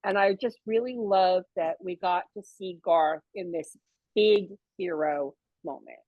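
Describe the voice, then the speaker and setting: A woman's voice: lowish voice, measured pace, no room sound, muffled recording. A woman on a fan panel arguing enthusiastically for her favorite episode, stressing her points with emphasis. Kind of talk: casual fan panel discussion.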